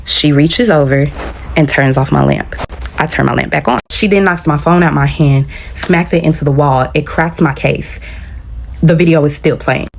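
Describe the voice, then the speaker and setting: A woman with a low voice tells a story in a relaxed storytime style. Her voice has a gravelly, fried edge, and she retells events with animation, acting out the lines of the people in it. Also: normal speed. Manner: animated retelling that acts out quoted dialogue. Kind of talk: casual storytime.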